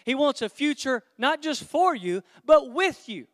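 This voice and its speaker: A man's voice: very high-pitched, sing-song, measured pace, a bit bright. A man preaching a sermon as pastor, emphatic and stretching key words for effect, in a church. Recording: long hall reverb.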